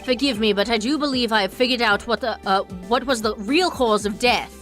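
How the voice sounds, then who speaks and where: A woman voicing a calm, pompous male prosecutor who lays out deductions in a measured, deliberate way. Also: on the high side, soft background music, close to an everyday voice.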